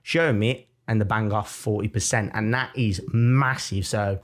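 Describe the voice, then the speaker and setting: A young man with a Birmingham accent, co-hosting a podcast in casual chat, animated and jokey as he tells stories. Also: lowish voice, normal speed. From Birmingham, England. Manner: animated, jokey storytelling with mock-defiant asides. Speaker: podcast co-host.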